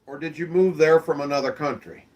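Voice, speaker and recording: A man's voice: on the high side, fairly even intonation, brisk, darkish tone. A man hosting a live-stream show, chatting casually and in a friendly way with his viewers and asking them questions.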